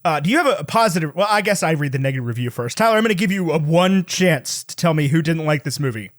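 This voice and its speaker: A man with a high voice hosts a movie podcast in a relaxed, chatty way. He steers the segment and drops dry, wry jokes. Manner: wry, quick quips, leads the segment. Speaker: podcast host. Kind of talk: casual movie chat.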